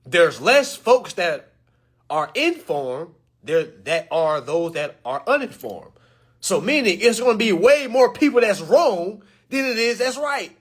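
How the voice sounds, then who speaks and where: A man ranting to camera in an animated, joking way, loud and slangy, calling out to his viewers. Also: high-pitched, a little slow, husky.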